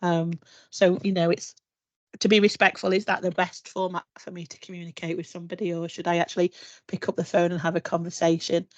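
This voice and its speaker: A woman speaks on a dry, close video call. Her voice sits a little low, and the audio is dull and lo-fi. She explains her point carefully, working through an example step by step. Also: level tone, a little fast, darkish tone, no room sound. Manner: explanatory, repeats an example sentence with shifting stress. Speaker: panelist. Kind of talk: casual video-call discussion.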